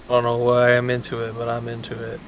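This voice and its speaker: A man on his first podcast appearance, chatting excitedly and crudely. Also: medium pitch, fast talker, slight background noise. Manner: excitable, profane. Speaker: podcast guest. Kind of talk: casual chat.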